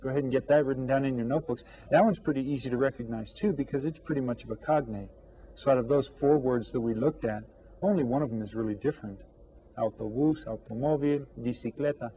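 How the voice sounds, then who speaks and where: A man teaching an elementary language lesson, drawing out each new word slowly and coaxing the class with friendly questions. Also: mid-range voice, mellow, a little hiss or hum. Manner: slow, drawn-out repetition of vocabulary for students. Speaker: Spanish teacher.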